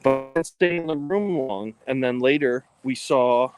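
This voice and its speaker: A man's voice: medium pitch, normal speed, rough recording. A man co-hosting a livestream, talking casually with lots of ums and restarts, recorded on a phone. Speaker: co-host of a ghost-hunting livestream.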